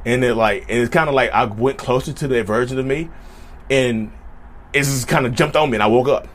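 Speaking briskly in a slightly bright, medium-pitched voice, this vlogger spins casual stories. He repeats himself, stays chatty, and constantly turns to address his audience as "y'all."

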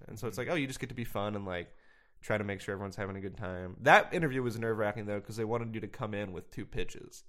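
A young man talking as a podcast guest in a casual chat, rambling and self-deprecating, laughing often and filling his sentences with ums and likes. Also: lowish voice.

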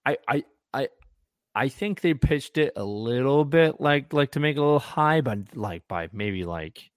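A man's voice: mid-range voice, lively intonation, moderate pace, dry recording, studio quality. A man chatting casually as a podcast co-host, rambling with frequent restarts and fillers. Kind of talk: casual fan chat.

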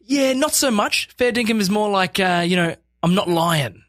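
Casual guest: Australian man, high-ish voice, dry close sound, jokey and laughing. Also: lively intonation, moderate pace, fairly bright tone, no echo. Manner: laughing, jokey, self-mocking. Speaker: band frontman, interview guest. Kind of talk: casual chat.

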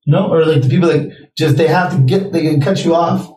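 A man's voice: on the high side, quick pace, dark tone, recorded from a distance. A young man co-hosting a podcast in casual chat, a rambling storyteller who swears freely. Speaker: podcast co-host. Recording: echoey room, off-mic.

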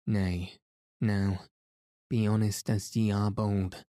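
A man's voice: on the low side, level tone, slow, warm tone, dry recording, studio quality. A man reading the part of a small, bold young noblewoman who teases and coaxes in old-fashioned speech. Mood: teasing. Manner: playful, coaxing.

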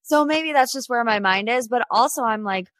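A woman's voice: a little high, moderate pace, a bit bright, no echo. A woman in her twenties hosting a casual pop culture podcast, chatty and opinionated. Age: 20s. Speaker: podcast host.

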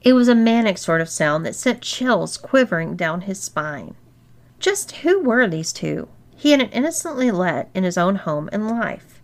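A woman reads an erotic story aloud with steady, expressive narration. Her voice sits at a typical mid pitch for a woman. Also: measured pace. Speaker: story reader.

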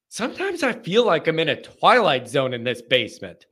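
An animated, joking man hosts a call-in show. His voice sits a little high and sounds bright and forceful, and his talk is loose and slangy. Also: normal speed, husky. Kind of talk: casual chat. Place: home basement.

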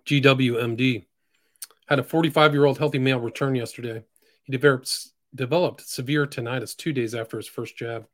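Guy reading posts out on his podcast, mid-pitch voice, dry close sound, flat then suddenly punchy. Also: a little fast, no echo. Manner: reads quotes flatly, with sudden loud emphatic bursts. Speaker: podcast host.

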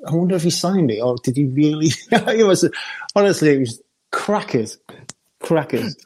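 An older man, telling a lively football anecdote and often laughing. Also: on the high side, normal speed, breathy edge. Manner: laughs often, lively storyteller acting out others. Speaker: former footballer guest.

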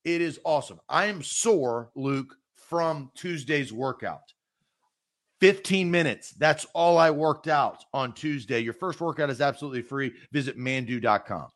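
A man hosting a live-streamed sports talk show, chatting casually and rattling off viewer comments rapid-fire. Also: mid-range voice.

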